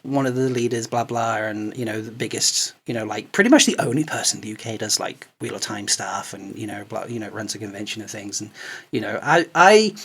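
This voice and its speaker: A man co-hosting a podcast, telling an excited anecdote, acting out what people said and laughing often. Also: lowish voice, fairly quick, gravelly, breathy edge. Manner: animated, acts out quoted voices, laughs often. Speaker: podcast co-host.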